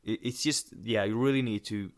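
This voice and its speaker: Low-voiced man, agreeable podcast co-host. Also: moderate pace. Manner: agreeable, reflective, often agrees with short backchannels. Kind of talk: casual film discussion.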